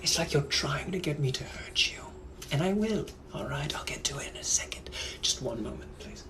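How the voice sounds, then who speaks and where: A man voicing a suave, menacing Victorian gentleman butler with a put-on British accent, in whispered role-play, speaking slow, hushed and deliberate. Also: a little high, expressive, close to an everyday voice. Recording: noisy background hiss.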